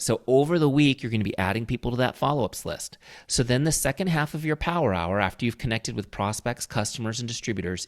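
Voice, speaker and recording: A man walking viewers through a software tutorial in a coaching tone, often checking in with "okay?" and "right?". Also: medium pitch. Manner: coaching tone, frequent check-ins with the listener. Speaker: software trainer. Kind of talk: screen-share tutorial walkthrough.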